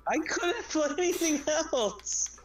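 A man's voice: very high voice, big pitch swings, takes it slowly, crowd noise. A man from Canada playing a card game on a stream, casual, sheepish and apologetic. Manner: sheepish, apologetic, laid-back. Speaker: co-player on a stream. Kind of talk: casual gaming chat.

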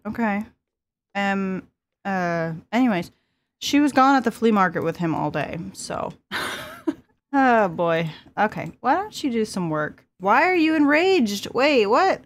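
A woman in her twenties hosts a let's play, chatting casually, giggling and talking to her characters while she plays. Her medium-pitched voice is expressive and unhurried.

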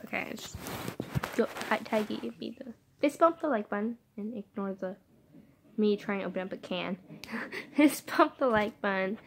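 A teenage girl vlogging to her phone camera in her bedroom, rambling and apologetic with lots of fillers, her voice hoarse from a sore throat. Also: medium pitch, slight background noise. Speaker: YouTuber. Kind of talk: casual vlog chat. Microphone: phone camera held vertically.

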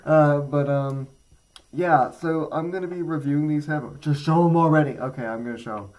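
A teen who makes gaming videos reviews headphones in a laid-back, rambling vlog full of fillers and self-deprecating jokes. The male voice is fairly high-pitched with a darkish tone and a moderate pace, on a low-quality recording.

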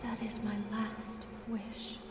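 An actress voicing a sorrowful young woman in a horror video game, speaking in a soft, hushed way. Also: medium pitch, completely flat delivery, slow pace, big-room sound, very noisy, close to an everyday voice.

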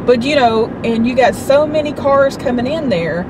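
A woman's voice: high-pitched, expressive, normal speed, noisy background. A middle-aged woman telling a story to her vlog in a chatty, indignant way. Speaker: vlogger. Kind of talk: casual storytelling.

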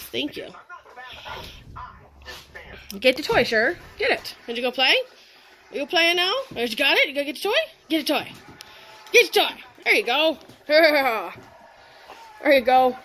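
A woman's voice: high voice, sing-song, measured pace, pauses often, a bit bright. A woman dog trainer at home, talking to her dogs with sing-song praise and short commands. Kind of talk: talking to dogs during play.

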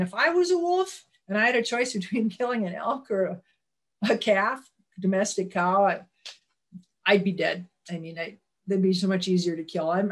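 A woman giving a conversational slide presentation on wildlife, speaking in a folksy, plainspoken way, often restarting her sentences and calling for the next slide. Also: mid-range voice.

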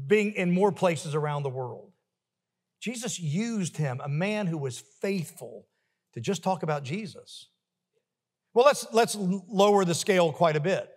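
A male pastor preaching a sermon emphatically, building to forceful refrains. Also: a little high, slightly rough, in a large hall. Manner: emphatic, rising to forceful peaks with repeated refrains. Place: church sanctuary.

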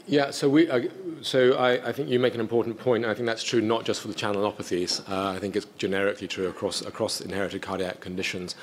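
A man presenting a scientific conference talk and then answering audience questions in a measured, technical way with frequent restarts. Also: fairly low pitch, level tone, a little hiss or hum.

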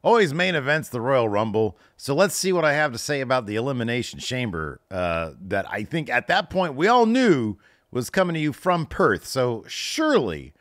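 A middle-aged man reacts in casual commentary, sarcastic and quick to mock himself. His pitch swings widely as he talks. The sound is dry and close, with no room around it. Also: big pitch swings, no echo. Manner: sarcastic, self-mocking, exclamatory. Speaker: wrestling podcast host.

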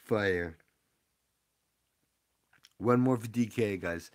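Young man, low-ish voice, excitable rambling streamer giving shout-outs. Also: slow, long pauses. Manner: excitable, rambling, hypes up the audience. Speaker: streamer opening trading card packs. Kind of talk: casual live-stream chat with viewer shout-outs.

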